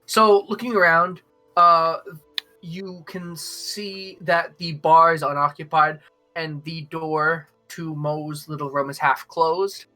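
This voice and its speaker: A young man running a tabletop game as game master, talking in halting stretches with many fillers. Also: on the high side, fairly even intonation, sharp tone, soft background music. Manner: hesitant, many fillers and restarts.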